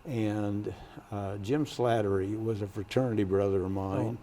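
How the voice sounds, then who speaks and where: Speaking at a normal speed in a lowish, steady voice, this former Kansas state senator, now an older man, shares career stories for an oral history interview. When quoting others, he acts out their voices loudly.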